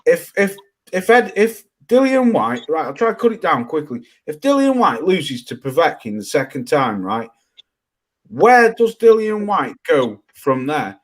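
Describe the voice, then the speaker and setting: A man's voice: on the high side, sing-song, unhurried. A man co-hosting a boxing talk show, pushing hard to finish his points in a heated casual debate. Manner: talks over others, insists on finishing. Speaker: podcast co-host.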